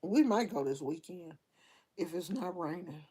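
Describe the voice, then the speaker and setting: Addressing viewers directly, this middle-aged livestream host spins chatty stories in slangy speech, often restarting her sentences. She has a lowish, husky, slightly mellow voice with lively intonation and a measured pace.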